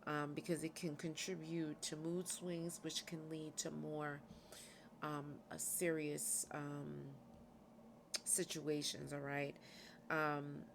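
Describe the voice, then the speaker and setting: A woman's voice: sits low, flat delivery, slow, creaky. A woman tarot reader speaking casually to her viewers, often checking in with "okay?" as she gives advice. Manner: conversational, frequent "okay?" check-ins. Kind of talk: casual spiritual reading to camera. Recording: faint background noise.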